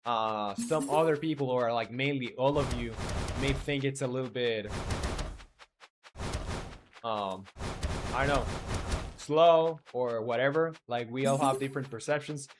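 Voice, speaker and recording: A man chatting through a live stream while he builds a game, rambling loosely and stopping often on fillers. He reads viewers' messages out and answers them in the same easy way. His voice sits at a middling pitch. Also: a little slow, long pauses, background noise. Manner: rambling, reads chat aloud, many fillers. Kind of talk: casual live-stream chat.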